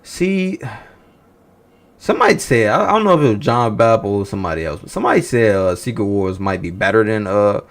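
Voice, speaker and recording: A man's voice: fairly low pitch, lively intonation, fairly quick. A man hosting a livestream, chatting casually with viewers, teasing them and swearing freely. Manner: profane, teasing, rhetorical banter. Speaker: livestream host reacting to movie news.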